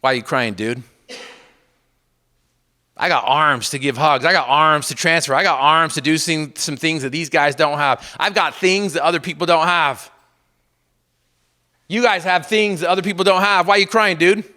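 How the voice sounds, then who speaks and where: A man giving a motivational speech to an audience, telling a personal story with repeated refrains and swinging from loud emphatic bursts to hushed lines. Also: a little high, moderate pace. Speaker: motivational speaker.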